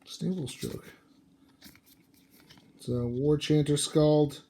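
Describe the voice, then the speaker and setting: This card-opening host sounds sleepy, yawning as he mutters card names from his booster packs in an offhand, casual commentary. His medium-pitched voice swings widely in pitch, moves slowly, and is dark and slightly rough.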